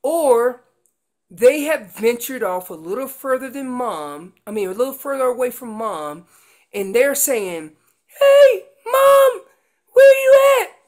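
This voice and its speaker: Teaching elk calling with slides, this woman relies on familiar everyday comparisons and now and then loudly acts out the voices of calves and parent elk. She sounds a little high-pitched and expressive, keeping a measured pace.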